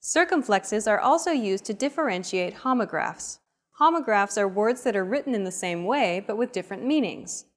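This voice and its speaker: A woman's voice: mid-range voice, lively intonation, normal speed. Woman narrating a language lesson. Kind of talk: scripted explanatory narration.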